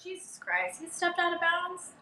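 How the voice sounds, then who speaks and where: A woman livestreaming her reactions to a basketball game, excitable and swearing as she talks at the players. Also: extremely high pitch, moderate pace, a little hiss or hum. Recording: echoey room, mic at a distance.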